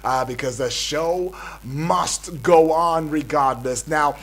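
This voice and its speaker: A man's voice: on the high side, slow pace, fairly bright tone. Nigerian male breakfast-radio host, raised voice, hype-man patter, studio mic. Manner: hype-building, repetitive, calls out to listeners. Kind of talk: energetic morning radio patter.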